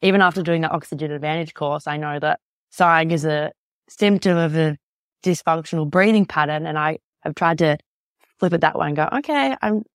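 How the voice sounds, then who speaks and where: A woman's voice: low voice, steady tone, brisk, no room sound, clean studio sound. A woman podcast host talking casually and openly, hesitant and searching for words with frequent "like".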